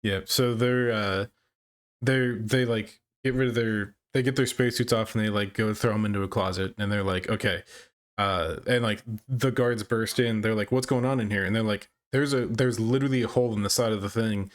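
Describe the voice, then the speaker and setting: A man co-hosting a podcast, casually retelling movie scenes with relaxed halting restarts. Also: fairly low pitch. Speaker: podcast co-host. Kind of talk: casual movie recap chat.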